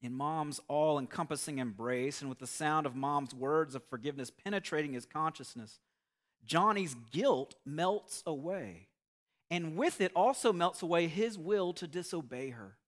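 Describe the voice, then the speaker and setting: A man preaching a sermon, telling an illustrative story in an earnest, measured way. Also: fairly high pitch, expressive, a bit bright. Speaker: pastor.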